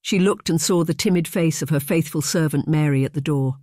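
A man narrating an audiobook in a steady, measured reading. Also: fairly high pitch, no room sound, clean studio sound.

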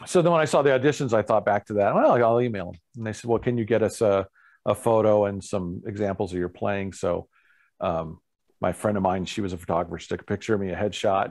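A man who is a guest musician, telling an animated story in a casual interview and acting out other people's lines. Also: lowish voice.

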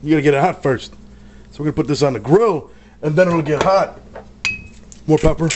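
A man's voice: a little high, a little fast, noisy background. A man hosting a casual cooking demonstration in a kitchen, joking and bantering with his crew as he cooks. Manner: joking, brash, talks to crew. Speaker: cooking show host. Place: kitchen with grill.

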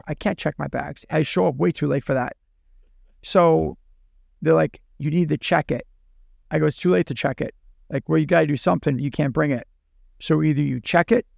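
A man with a gravelly, fairly high voice tells a story as a podcast guest. He acts out each exchange in quick animated bursts. The mic is close and dry. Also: no echo. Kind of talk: casual storytelling.

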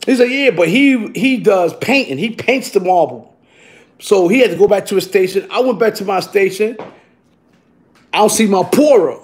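Man storyteller, high voice, profane street talk, voices for everyone, sound effects. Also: lively intonation, normal speed, a little mellow. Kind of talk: casual spoken storytelling.

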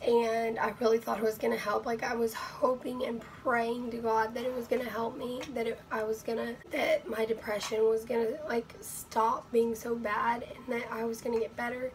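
A woman vlogs from her bedroom in a hoarse, nearly gone voice that sits a little high. She rambles with lots of fillers and keeps slipping into breathy whispers. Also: flat delivery, moderate pace, few pauses, a little hiss or hum, low-quality recording. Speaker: vlogger. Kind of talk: casual talk to camera.

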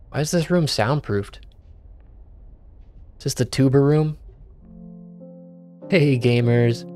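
A playful man narrates his own game session, joking and muttering to himself. He talks at an unhurried pace with a mid-range voice, and faint game music plays behind him. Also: mid-range voice, dark tone. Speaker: gaming video creator. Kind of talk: let's play commentary.

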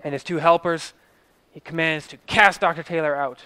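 A man's voice: fairly high pitch, steady tone, moderate pace, pushed and bright, clear, resonant tone, dry recording. A man telling a story in a vivid present-tense style, swelling and dropping his voice for drama.

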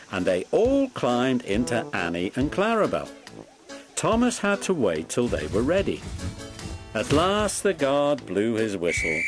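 A man reading a children's railway storybook aloud, slowly and expressively. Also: mid-range voice. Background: background music.

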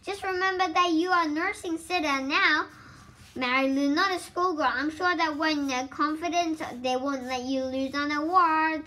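A blunt young woman with a sharp tongue, read by a woman. The voice is high and bright. The read stumbles now and then. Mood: brisk. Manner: reads haltingly, stumbling over words.

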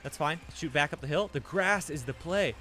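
A young man giving casual commentary while playing a game, excitable and quick to jump into high yells. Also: faint music behind. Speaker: gaming streamer.

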